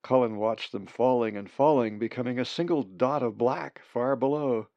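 Male storybook narrator, low gravelly voice, dull dry recording. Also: dry recording. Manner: slow, measured reading.

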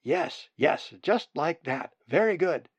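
A man voicing a patient adult male raven who calmly and encouragingly teaches chicks to fly. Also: a little high, takes it slowly, husky, no echo, highs cut off, pitched above the performer's own voice, heavily acted. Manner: calm, encouraging, instructive.

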